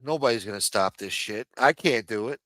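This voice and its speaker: A man's voice: medium pitch, fairly quick, fairly bright tone, dry recording. Profane ranting middle-aged man. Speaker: show host. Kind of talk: ranting livestream commentary. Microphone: streaming microphone.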